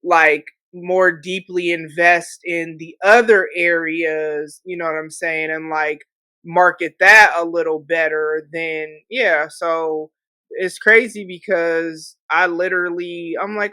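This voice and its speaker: Host: woman, bright and crisp, talks things through with many filler phrases. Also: fairly low pitch, fairly even intonation, slow pace, no echo. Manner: thoughtful, reflective, with frequent filler phrases. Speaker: podcast host. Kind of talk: casual conversational chat.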